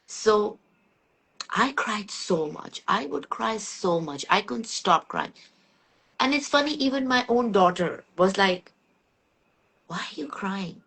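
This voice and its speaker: A woman's voice: mid-range voice, lively intonation, slow, pauses often, a bit bright, breathy edge. A middle-aged woman hosting a podcast, telling a personal story candidly and earnestly in a reflective, conversational way. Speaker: podcast host.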